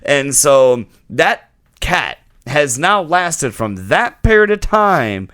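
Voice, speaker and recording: Slow and fairly high-pitched, a male podcast co-host recounts a story in relaxed conversation, performing the quoted voices with animation. The sound is clean studio quality without echo.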